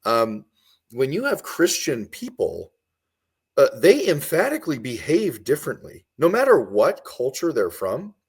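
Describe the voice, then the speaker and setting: A man with a husky, slightly rough voice argues a point on a podcast. His pitch swings widely as he drives home each claim. He often repeats short lines for emphasis. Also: wildly swooping pitch, unhurried. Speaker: guest commentator. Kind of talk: impassioned podcast discussion.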